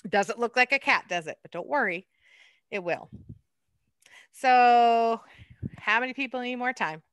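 A woman art docent leading a hands-on clay lesson, chatty and quick to laugh at herself. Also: a little high, a bit bright, smooth, dry recording.

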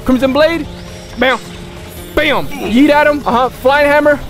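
A young man casually commentating his own gameplay, excitable and full of rapid repeated callouts. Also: very high voice, soft background music. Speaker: gaming YouTuber.

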